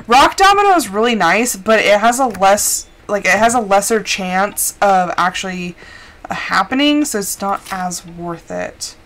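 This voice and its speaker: A woman's voice: medium pitch, expressive, measured pace, a bit bright. A woman streamer chatting casually while playing a game, rambling with lots of filler words. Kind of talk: casual gameplay chat.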